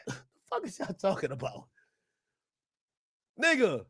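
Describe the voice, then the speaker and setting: A man ranting loudly and profanely to his chat during a live stream reaction. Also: extremely high pitch, expressive, normal speed, no echo. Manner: loud, profane ranting, often shouting; talks to his chat and laughs between bits.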